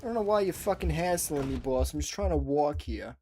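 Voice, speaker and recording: A man's voice: on the high side, animated, a little fast, dark tone, slight background noise. A man voicing a brash male soldier in a put-on New York accent, pushy and calling the listener boss.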